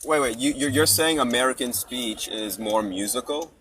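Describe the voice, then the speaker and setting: A man hosting a casual chat, rambling and animated, laughing often as he talks. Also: mid-range voice, normal speed, slight background noise. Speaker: podcast host. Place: parked car outdoors.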